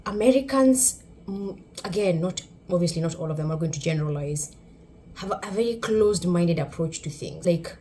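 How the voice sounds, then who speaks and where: A woman's voice: lowish voice, lively intonation, moderate pace, dark tone, a little hiss or hum. A woman with a Kenyan accent giving a wry, sarcastic, emphatic commentary on her vlog. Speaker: YouTube commentator.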